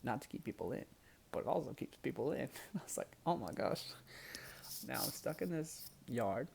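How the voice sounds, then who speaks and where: A young man casually telling a personal story to the camera, animated and laughing, dropping now and then to hushed asides. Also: medium pitch, normal speed, creaky, slight background noise.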